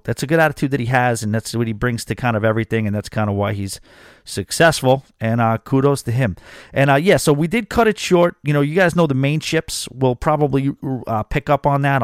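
A man's voice: medium pitch, no echo, studio quality. Chatty New podcast host, man. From New York. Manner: chatty and animated, with frequent fillers. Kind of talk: casual podcast storytelling.

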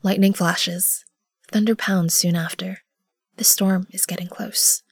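A woman narrating an audio drama in the first person, measured and often hushed. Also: lowish voice, steady tone, husky, no room sound, clean studio sound. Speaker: narrator and lead character.

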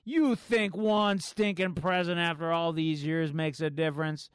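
A man's voice: a little high, fairly even intonation, unhurried, clear, resonant tone, no echo, close to an everyday voice. A man voicing a bitter male cowboy villain who makes sneering threats. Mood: menacing.

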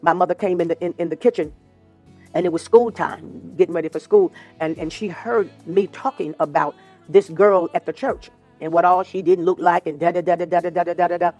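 A man's voice: high voice, steady tone, a little fast, a little mellow, faint music behind. A man preaching a sermon as a minister, repeating phrases for emphasis and at times slipping into sung lines. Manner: tells personal stories in an informal preaching voice. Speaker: minister of the gospel.

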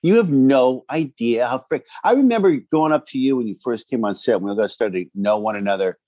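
A man co-hosting a casual chat, loud and profane, laughing as he tells stories. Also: mid-range voice, animated, a little fast, dry recording. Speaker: podcast co-host.

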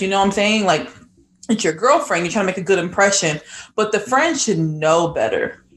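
A woman co-host in casual chat, posing questions and arguing deliberately. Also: medium pitch, animated. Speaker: podcast co-host.

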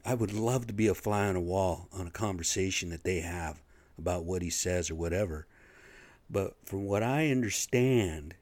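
A man's voice: deep voice, a little mellow, no room sound. A middle-aged man talking in a blunt, profane, rambling monologue, getting worked up as he goes. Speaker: vlogger.

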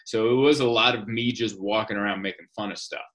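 A man with a bright, forceful voice and a slightly low pitch, chatting casually as a guest. He tells wry, joking stories, with a comedian's timing. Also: steady tone, quick pace. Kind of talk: casual podcast chat.

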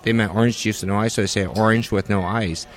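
A man's voice: fairly low pitch, steady tone, quick pace. A man on a flight crew, retelling a funny passenger mix-up in a plain, matter-of-fact way. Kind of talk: casual anecdote telling.

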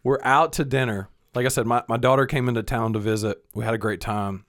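A middle-aged man co-hosts a podcast, talking in a mid-range voice at a slightly fast clip. He's an animated storyteller in casual chat, and he swears freely.

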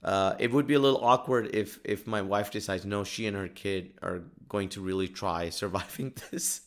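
A man's voice: on the low side, steady tone, normal speed. A man in his thirties from Dubai hosting a casual solo podcast, rambling and self-deprecating, laughing often and restarting his sentences. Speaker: podcast host.

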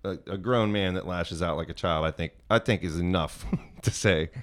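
Lower voiced guy, blunt takes, laughs a lot, chatting w buddies. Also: moderate pace. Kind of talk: casual political chat.

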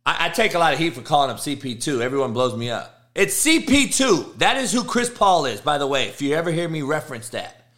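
A man's voice: a little high, sing-song, brisk. A middle-aged man, a football coach hosting a live show, ranting about sports in heated, profane bursts. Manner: profane, heated, shouting rants. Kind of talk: live motivational sports rant.

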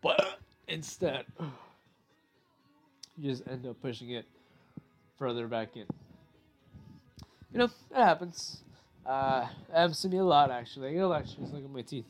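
A man's voice: mid-range voice, unhurried, pauses often, soft background music. A young adult man hosting a podcast, telling stories in a casual, rambling way with lots of swearing. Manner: profane, rambling, animated storytelling. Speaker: podcast host. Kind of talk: casual storytelling monologue.

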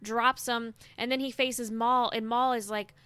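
Gushing female podcast host, bright tone, dry close sound. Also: on the high side, fairly even intonation, a little slow, smooth, no room sound. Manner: enthusiastic, gushing recap. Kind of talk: casual chat.

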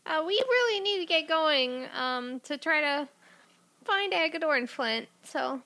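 Girl with a really high voice, slow and unsure, lots of ums. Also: expressive, pushed and bright. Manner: hesitant, filler-heavy. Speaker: player. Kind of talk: tabletop role-play.

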